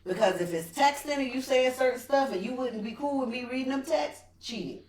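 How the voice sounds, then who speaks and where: Animated woman chatting in an echoey room. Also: high voice, a little fast. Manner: animated, acts out quoted remarks. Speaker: podcast co-host. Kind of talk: casual chat. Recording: echoey room, mic at a distance, faint noise.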